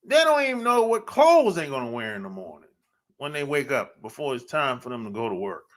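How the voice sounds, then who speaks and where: Animated, bright-voiced male podcast host. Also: mid-range voice. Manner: blunt, laughing often, drawn-out emphatic phrasing. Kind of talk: casual monologue.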